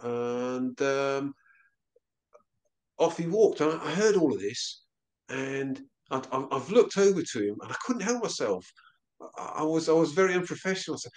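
A man telling a personal story as an interview guest, halting and often repeating himself. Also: medium pitch, animated. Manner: halting, with frequent stammered repeats.

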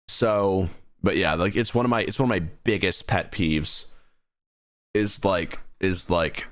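A young man chatting casually while live-streaming a horror game, rambling and animated, with his voice jumping up high whenever he is startled. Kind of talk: casual gaming livestream chat.

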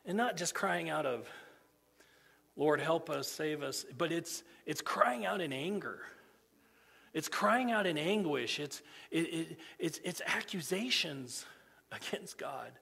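A man's voice: fairly high pitch, expressive, a little slow, creaky, husky. Earnest preacher man in a reverberant sanctuary. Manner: earnest, repeats himself, swings from hushed to loud. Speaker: pastor. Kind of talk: sermon. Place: church sanctuary. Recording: church sanctuary with long reverb.

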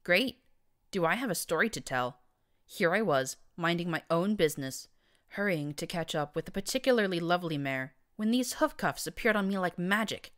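A woman's voice: fairly low pitch, big pitch swings, normal speed, voice pushed up. Woman voicing a cocky young mare guard. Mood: playful.

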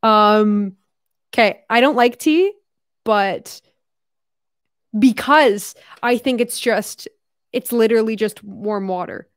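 On the high side and slow, with long pauses, this Canadian woman in her twenties vlogs casually while reading fan letters. She giggles, chats, swears offhandedly and slips into a fake Australian accent, all in clean studio sound with no room sound.

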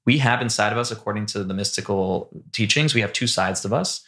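A man's voice: lowish voice, brisk, a bit bright. A young adult man, a rabbi guest on a podcast, explaining ideas earnestly in casual talk with everyday examples. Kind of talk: casual chat.

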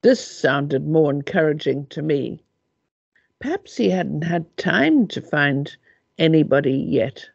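An older woman reads from her own memoir in a slow, gravelly voice with a husky edge. The recording is dull and dry, with no room around it. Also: low voice, lively intonation, darkish tone, no echo. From South Africa. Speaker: author reading her memoir. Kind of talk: audiobook reading.

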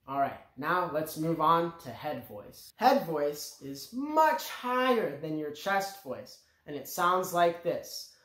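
A man leading a children's music lesson, his voice rising and falling in an animated, lively way. He speaks slowly and clearly, coaxing the little ones to sing along, and the recording has a roomy echo. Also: fairly high pitch. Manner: slow, clear and encouraging, speaking directly to children. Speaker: music teacher for young children.

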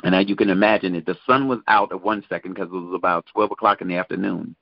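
A guest minister with a low, gravelly voice gives a personal religious testimony, telling his story slowly and deliberately with many pauses. His intonation is fairly even. The recording is dry, with a dull, muffled lo-fi quality.

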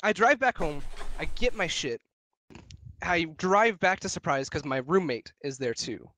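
A man's voice: fairly high pitch, big pitch swings, unhurried, pushed and bright, no echo. A young man and podcast co-host telling a long personal story in casual chat, rambling and swearing with many restarts.

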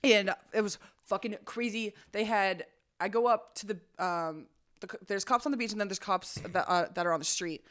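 A young woman in her twenties, a podcast co-host, animatedly telling a story in casual chat, swearing and shouting out the quotes. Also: medium pitch, normal speed.

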